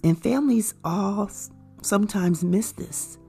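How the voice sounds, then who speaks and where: A woman speaking in an earnest, measured way as she guides caregivers, her gravelly voice at a middle pitch. Faint music plays softly behind her. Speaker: caregiver educator. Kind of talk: informative talk to camera.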